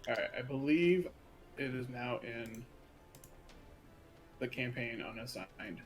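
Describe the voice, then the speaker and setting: A man's voice: mid-range voice, slow pace, soft background music. A man playing in a streamed tabletop game, speaking casually in a dry, matter-of-fact way. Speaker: player. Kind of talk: casual banter.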